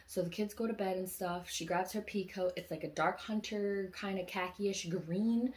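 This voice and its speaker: A woman vlogger casually retelling her dreams, animated and slangy, acting out the people in them. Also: medium pitch, normal speed, a little hiss or hum. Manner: animated, slangy, acts out voices.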